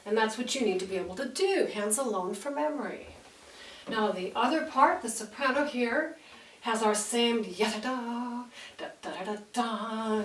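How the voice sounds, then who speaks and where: A woman's voice: a little high, a bit bright. A woman teaching piano, explaining the music and singing out rhythms. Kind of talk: piano lesson. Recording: roomy echo, distant mic, piano between phrases.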